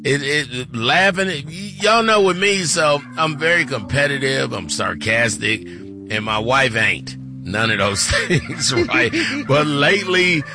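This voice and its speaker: A middle-aged man co-hosting a gospel morning radio show, chatting casually in a playful, churchy way and breaking into shouted praise. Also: medium pitch. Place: radio studio. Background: music bed.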